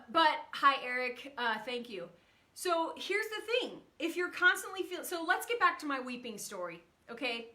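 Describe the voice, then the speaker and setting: Bright, high-voiced woman chatting on a livestream. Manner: emotional, chatty, greets viewers by name. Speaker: livestream host. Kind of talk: casual livestream chat. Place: home room.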